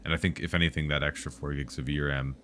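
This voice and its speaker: A man's voice: a bass voice, steady tone, fast talker, bright, forceful tone, a little hiss or hum. A man streaming live, chatting casually about tech and answering viewers' questions in a rambling, joking way.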